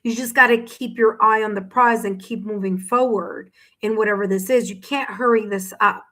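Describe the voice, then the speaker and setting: A woman's voice: medium pitch, fairly even intonation, normal speed, bright, forceful tone, low-quality recording. A woman giving a paid tarot reading on a live stream, speaking to the viewer directly in a soothing, reassuring way while she has the hiccups. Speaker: tarot reader.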